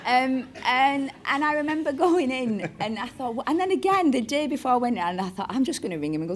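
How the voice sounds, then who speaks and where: A woman's voice: high voice, lively intonation, fairly quick, hardly any pauses, a little hiss or hum. A woman with a Bolton accent, a chatty, digressive storyteller who acts out the voices of people she is quoting in an onstage interview. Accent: Northern English, Bolton. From Bolton, Northern England. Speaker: actress, interview guest. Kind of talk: onstage interview, anecdotal chat.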